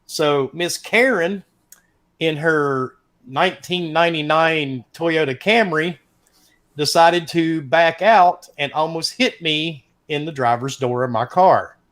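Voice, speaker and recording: A middle-aged man, casually telling a profane, animated story as a podcast host. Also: fairly high pitch, slow. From American South.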